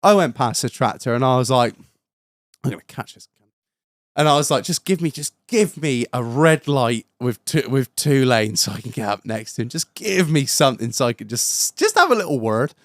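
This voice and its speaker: A young British man, a podcast host, telling a story in casual chat, animated, swearing and laughing as he goes. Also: medium pitch, moderate pace, dry recording, clean studio sound.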